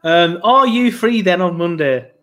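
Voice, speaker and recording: A man's voice: sits high, expressive, measured pace, fairly bright tone. A young man hosting a casual football podcast, rambling with frequent ums. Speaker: podcast host.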